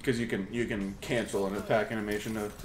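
A man's voice: fairly low pitch, quick pace, roomy sound, background noise. A young man co-hosting a let's play, laughing and swearing in casual chat. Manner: laughing, profane, animated. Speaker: gaming channel co-host.

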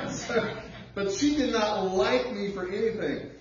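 A pastor preaching a sermon in a conversational way, drawing out words for emphasis and telling personal stories. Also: male voice, high-pitched, slow pace. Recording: echoey church heard from far off, dull sound.

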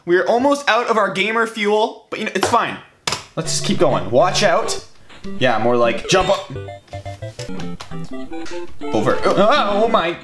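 Man, game rage commentary; profane, self-mocking, wildly swinging pitch, guitar music bed. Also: big pitch swings, unhurried, pauses often. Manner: swears constantly, yelps and shouts when dying; self-mocking, laughs at himself. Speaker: gaming video host.

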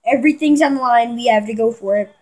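A woman giving excitable live commentary on a football video game, talking to her viewers and yelling at big plays. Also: on the high side, fast, poor audio. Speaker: gamer.

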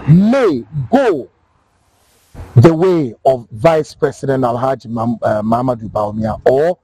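A man's voice: mid-range voice, moderate pace, warm tone, no room sound. A Ghanaian man hosting a political talk show, speaking emphatically and repeating words as he builds his points. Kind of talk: political discussion, mixing English and Twi.

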